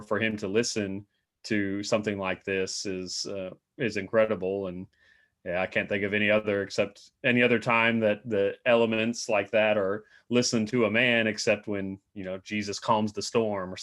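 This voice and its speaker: Lower-voiced man discussing scripture casually. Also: a bit bright. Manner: hesitant, trailing off, frequent fillers. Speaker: co-host of a Bible study show. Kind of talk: conversational Bible discussion.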